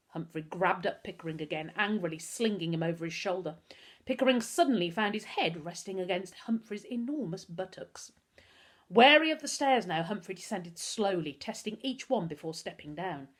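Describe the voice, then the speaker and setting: A woman, a teacher, reading a children's book aloud with expressive storytelling. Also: fairly low pitch, normal speed.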